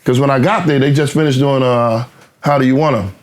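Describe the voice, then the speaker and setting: A man, a guest rapper telling stories in a casual interview, animated and acting out what others said, swearing freely. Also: mid-range voice, brisk. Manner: animated, acts out quoted dialogue, swears freely.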